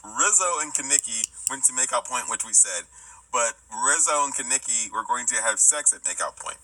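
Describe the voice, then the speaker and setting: Male podcast co-host, very bright tone, animated incredulous banter. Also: mid-range voice, low-quality recording. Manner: animated, incredulous, quick asides. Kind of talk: casual chat.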